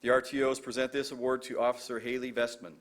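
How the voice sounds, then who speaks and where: At a graduation ceremony, a man stands at a podium microphone reading award and speaker introductions from a script, stumbling a few times. His medium-pitched voice is level, formal and quick, with heavy background noise behind it.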